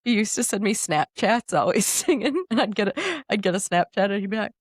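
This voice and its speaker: A woman hosts a relaxed podcast conversation. She laughs easily and tells her stories with animated energy. The sound is dry and close, with no room echo. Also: mid-range voice, brisk, breathy edge. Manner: giggly, animated storyteller. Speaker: podcast host. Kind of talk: casual chat.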